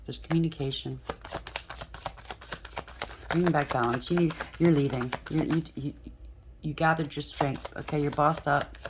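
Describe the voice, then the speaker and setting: A woman's voice: sits low, noisy background. A woman doing a collective tarot reading, talking bluntly and frankly, often checking in with "okay?". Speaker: tarot reader.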